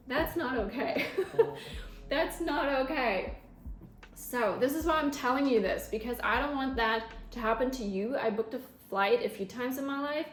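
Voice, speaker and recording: A young woman vlogger telling her own story with animated feeling, with a turn of phrase. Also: a little high. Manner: emotional, animated storytelling, close to tears at times. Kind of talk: storytelling vlog. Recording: echoey room with faint music.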